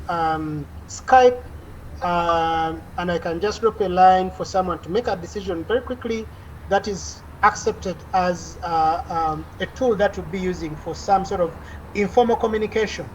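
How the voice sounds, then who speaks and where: A woman's voice: on the low side, unhurried, a little hiss or hum, rough recording. A woman lecturer teaching an online class over a video call, explaining at length with frequent "uh" fillers and restarts.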